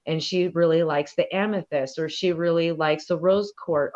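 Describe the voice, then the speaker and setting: A woman's voice: on the low side, steady tone, normal speed, few pauses, darkish tone. A woman speaking as an elder guest on a podcast, talking in a thoughtful, rambling way with many fillers. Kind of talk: casual interview conversation. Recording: dull lo-fi audio.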